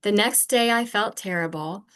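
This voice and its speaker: An older woman who is a podcast guest, telling earnest personal stories in a candid, animated conversational way. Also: medium pitch, moderate pace, clean tone. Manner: earnest, animated, acts out remembered exchanges.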